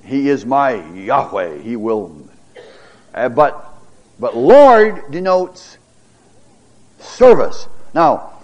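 Slow, animated male Bible teacher. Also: medium pitch, muffled recording. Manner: dramatic scripture reading with stutters acted out; halting, repeats words with frequent fillers. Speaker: pastor teaching a Bible class. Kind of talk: Bible class lecture.

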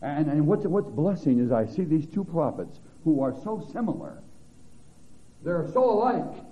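Male pastor, slow, lively sermon delivery with loud-to-hushed swings; tinny lo-fi sound. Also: on the high side. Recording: tinny phone-like recording.

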